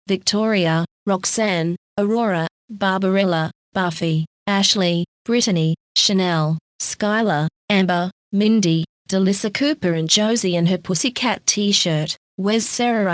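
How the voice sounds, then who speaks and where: A woman narrating a first-person audiobook in a steady, even read-through. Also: medium pitch, no echo.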